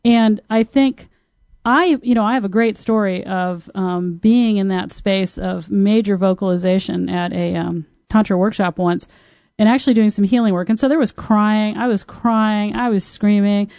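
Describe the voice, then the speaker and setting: A woman hosts a podcast as a Tantra teacher, telling frank personal stories with a lively, open manner. Her voice carries a singer's training and a mellow, darker tone. The recording is close and dry. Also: mid-range voice, moderate pace, dry recording. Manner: lively, frank, openly talks about intimacy. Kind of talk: candid storytelling chat.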